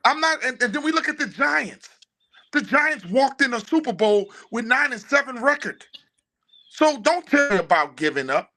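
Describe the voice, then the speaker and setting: A man's voice: extremely high pitch, very animated, moderate pace, pushed and bright. A man with a New Orleans accent giving sports analysis on a podcast, arguing hard with a string of rhetorical questions. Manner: fired-up, argumentative, rhetorical questions. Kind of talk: casual sports podcast talk.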